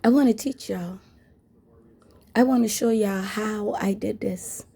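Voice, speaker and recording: A woman's voice: mid-range voice, unhurried, gravelly, mellow, breathy edge. A woman telling a story to her viewers in a blunt, frank way, with swearing. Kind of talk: casual story time.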